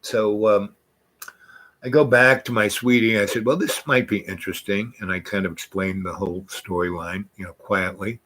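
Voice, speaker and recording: An older man telling a long, rambling story in a casual, animated way, sometimes acting out the people in it. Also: lowish voice, moderate pace, a little hiss or hum. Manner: rambling, animated, acts out voices in quotes.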